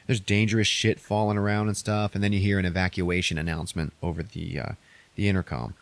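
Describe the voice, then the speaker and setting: A man's voice: sits low, little pitch movement, quick pace, creaky, dry recording. A man casually recapping a movie on a podcast, rambling and profane, acting out characters' lines in a raised voice.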